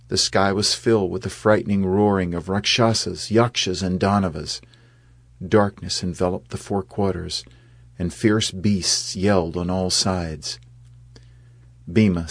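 A very deep male voice with a husky, slightly breathy edge, recorded dry and close. He narrates an epic tale at an unhurried, measured pace, lifting his voice for the quoted speeches. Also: dry recording.

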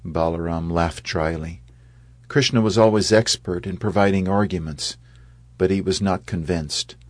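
A very deep male voice with a husky, slightly breathy edge, recorded dry and close. He narrates an epic tale at an unhurried, measured pace, lifting his voice for the quoted speeches. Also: fairly even intonation, no echo.

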